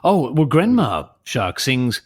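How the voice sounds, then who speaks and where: Man, comedy podcast co-host, lively swooping pitch, mock-serious joking banter. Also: husky. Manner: animated, quick jokes, mock-serious reading of lyrics.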